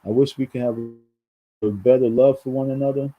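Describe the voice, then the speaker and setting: A man's voice: medium pitch, fairly even intonation, moderate pace, narrow, tinny audio. A man from New York talking straight to his viewers in a rambling commentary, often repeating words and calling them folks. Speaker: vlogger. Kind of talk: casual commentary monologue.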